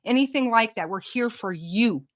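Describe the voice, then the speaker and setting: A woman hosting a true crime channel, talking on a livestream over a video call in a reassuring way, slowly and with hesitations. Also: a little high, animated, crowd noise. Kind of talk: casual livestream chat.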